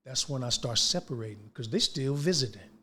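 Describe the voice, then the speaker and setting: A man's voice: mid-range voice, a little fast, slightly rough. An older man, a guest actor, telling stories in a casual interview and acting out the lines of people he quotes in slangy speech. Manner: animated, acts out quoted dialogue, slangy.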